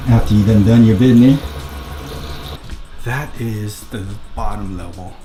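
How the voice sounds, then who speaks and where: Quiet guy filming a house tour, slow and a bit low-voiced, roomy echo with music under it. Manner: hushed, low-key, trying to stay quiet. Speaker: vlogger giving a house tour. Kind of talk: casual vlog tour. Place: inside a rental house. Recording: roomy indoor sound with background music.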